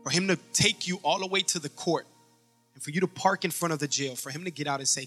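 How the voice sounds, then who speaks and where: A man's voice: on the high side, brisk, a bit bright, faint music behind. A man pastor preaching a sermon with emphasis, acting out stories as he goes.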